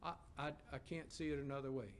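A middle-aged man preaching a sermon, asking the congregation emphatic questions and dropping to a hushed voice for stories. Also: mid-range voice, fast talker, slight background noise.

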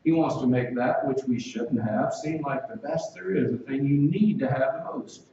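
A man's voice: mid-range voice, normal speed, dark tone, slight background noise. A man preaching an expository sermon in a conversational way, asking his listeners direct questions. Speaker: pastor. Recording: echoey distant, dull sound.

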